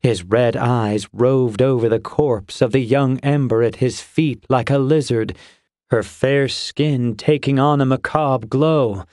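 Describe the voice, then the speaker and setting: Slow, dry-voiced male audiobook narrator. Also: medium pitch, no echo. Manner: measured, steady storytelling. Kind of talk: scripted fantasy narration.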